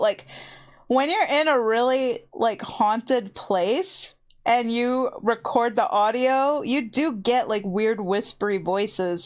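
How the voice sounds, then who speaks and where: A woman streamer from her home computer setup, casually and excitedly telling ghost stories to her chat in a rambling way. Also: on the high side. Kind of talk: casual storytelling to a live chat. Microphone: desk mic with headphones on.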